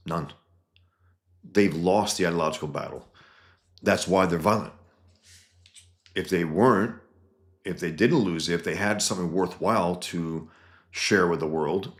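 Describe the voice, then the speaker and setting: Blunt, profane man with a deep voice. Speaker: commentator. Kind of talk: casual commentary, reading comments.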